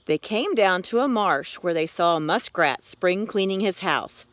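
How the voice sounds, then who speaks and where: Slow, expressive woman reading a children's story. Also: fairly low pitch, no echo. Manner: expressive, unhurried. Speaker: reader. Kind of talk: children's story read-aloud.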